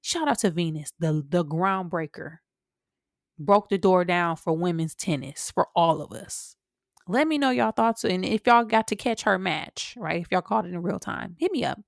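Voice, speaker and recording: A woman's voice: on the low side, moderate pace, creaky, dry recording. Emphatic woman host, dry close sound. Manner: animated, emphatic, talks straight to listeners. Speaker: podcast host. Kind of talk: solo podcast commentary.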